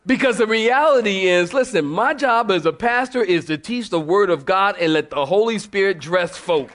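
Male pastor, animated sermon delivery, a bit higher voice, laughs and mimics people. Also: normal speed, a faint crowd. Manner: animated storytelling, mimics church ladies; laughs often while preaching.

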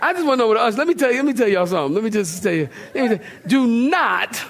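A man's voice: very high-pitched, expressive, very fast. A male pastor preaching a sermon in a loose, conversational way, joking with the congregation.

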